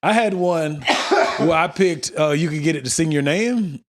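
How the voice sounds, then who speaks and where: A man's voice: on the high side, lively intonation, measured pace. A man co-hosting a casual podcast chat, teasing and laughing often. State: drinking beer. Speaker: podcast co-host.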